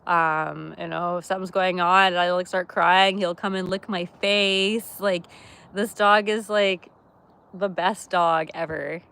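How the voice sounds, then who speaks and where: A woman hosting a casual livestream from her camper van, chatty and quick to laugh as she talks with viewers. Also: fairly low pitch, fairly even intonation, gravelly, a bit bright, smooth. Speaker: livestream host. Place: camper van by a wood stove.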